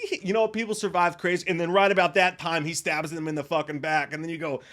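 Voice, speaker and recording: A young man reviewing a film in a loose, unscripted rant, his voice a touch higher than most men's. He swears freely and lurches between loud, heated bursts and quiet, deflated mutters. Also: fairly even intonation, fast. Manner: emphatic, profane, swings from loud outbursts to low mutters. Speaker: movie review host. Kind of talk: casual spoiler review.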